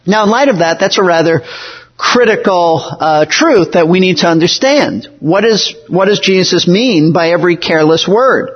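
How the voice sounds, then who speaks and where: High-voiced husky male preacher. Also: lively intonation, muffled recording. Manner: earnest, measured preaching with emphatic slowdowns. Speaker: pastor. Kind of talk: sermon.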